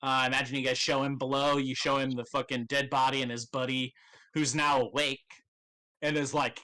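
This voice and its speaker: A man's voice: medium pitch, sharp tone. A young man narrating as game master in a casual, swear-filled way.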